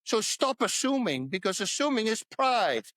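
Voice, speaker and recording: A man's voice: sits high, very animated, normal speed, a bit bright, dry recording. A man talking as a podcast guest in a casual interview about faith, pressing his points home with repetition. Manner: emphatic, repeats points to hammer them home.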